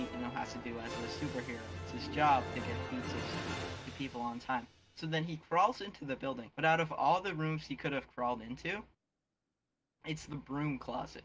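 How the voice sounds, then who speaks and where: A man's voice: medium pitch, a bit bright. A young man casually retelling a movie scene in an online chat, rambling with lots of fillers. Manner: rambling, many fillers and restarts. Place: online virtual world chat.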